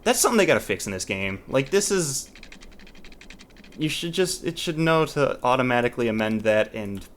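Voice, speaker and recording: Hosting a let's play, a man with a medium-pitched, sing-song, slightly bright voice talks casually at a moderate pace. He thinks aloud, restarts sentences, trails off, and sounds mildly exasperated, with a little hiss or hum in the background.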